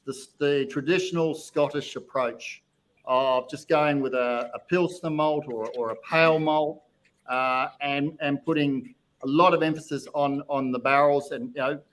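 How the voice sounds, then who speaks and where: Higher-voiced host, rambling. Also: male voice, steady tone, moderate pace, a bit bright. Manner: rambling, hesitant questions. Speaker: podcast host. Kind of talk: casual interview chat.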